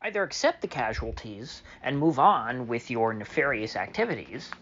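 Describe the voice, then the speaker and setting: A man's voice: medium pitch, big pitch swings, moderate pace, fairly bright tone, dull audio, slight background noise. A man delivering a solo opinion monologue as a political commentator, sarcastic and mocking, with many fillers.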